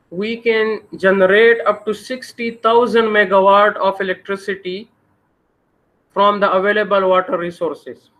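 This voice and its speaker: A man's voice: high-pitched, sharp tone, poor audio. A man with a Pakistani English accent giving a university engineering lecture, posing questions to the class and answering them himself.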